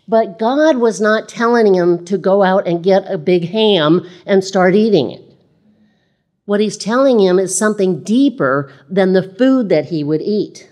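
A woman's voice: mid-range voice, a little mellow, highs cut off. A woman preaching a sermon in a conversational way, reading scripture aloud and repeating phrases.

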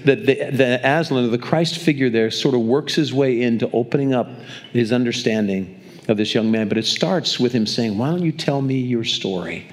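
An older man delivers a sermon to his congregation in a relaxed, conversational storytelling manner. His voice sits at an ordinary middle pitch, and he often restarts and repeats words as he works toward his point. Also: moderate pace. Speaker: pastor. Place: church, speaking to a congregation.

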